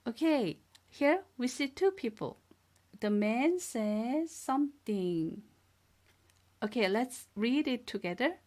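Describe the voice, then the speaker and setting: A woman teaching a beginner language lesson, speaking slowly and clearly, repeating each word and praising the learners. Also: a little high, expressive, darkish tone. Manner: patient, drills words twice and praises learners. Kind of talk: slow, clear classroom instruction.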